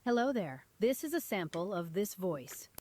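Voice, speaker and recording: A woman's voice: medium pitch, very animated, moderate pace, mellow, slight background noise, close to an everyday voice. A woman reading a game character's voice sample as a plain line reading.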